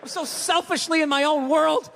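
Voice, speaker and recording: A man doing a stand-up comedy set on stage, ranting and profane, swinging between low mutters and shouts, with audience laughter. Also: steady tone, moderate pace, creaky. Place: large theater stage. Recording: live theater, long reverb, audience noise.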